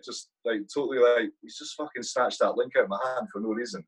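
A man's voice: medium pitch, steady tone, quick pace, few pauses, breathy edge, low-quality recording. A man, an army sergeant, telling war stories in a casual interview, swearing constantly and saying "mate" a lot. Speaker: guest, army platoon sergeant.

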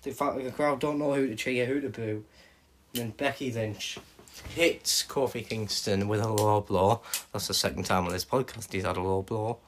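A man's voice: on the low side, normal speed, slight background noise. Man calling fantasy wrestling. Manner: hums entrance themes, animated play-by-play. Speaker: podcast host. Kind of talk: fantasy booking recap with sung themes.

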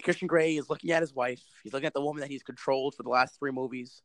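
A man recapping a movie in casual chat, animated and sarcastic, with lots of swearing. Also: mid-range voice, racing, dry recording, rough recording. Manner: animated, profane storytelling with sarcastic asides. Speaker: movie reviewer.

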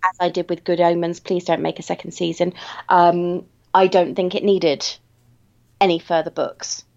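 A woman talking in a measured, reflective way in a casual book chat, stretching out her phrases. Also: fairly low pitch, little pitch movement, creaky, darkish tone, highs cut off.

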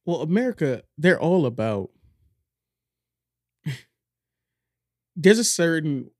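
A man's voice: on the high side, dry recording, clean studio sound. A man co-hosting a podcast, chatting casually and joking with loose, profane banter. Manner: joking, loose, swears freely. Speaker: podcast co-host. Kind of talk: casual chat.

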